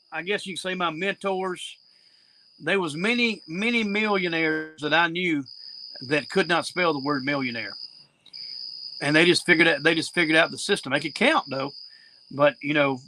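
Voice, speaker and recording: A man's voice: a little high, moderate pace, pushed and bright, a little hiss or hum, poor audio. A man, a podcast guest talking in a folksy, plain-spoken way over a video call from an outdoor porch. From South Carolina. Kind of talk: casual conversation. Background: crickets chirping.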